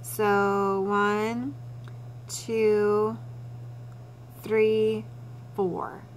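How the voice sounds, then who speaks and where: A woman teacher talks students through a writing lesson in a steady, instructive way, repeating each key point. Her voice sits at a middle pitch. A faint hum runs under the recording. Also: extremely slow.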